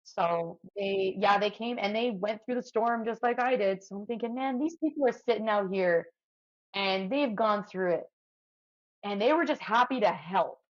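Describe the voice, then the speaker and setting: Talking at a normal speed in a mid-range voice, a woman from Canada who works as a firefighter and runs ultras retells a long story as a podcast guest. She's chatty and animated, filling sentences with "like," and the recording has its highs cut off.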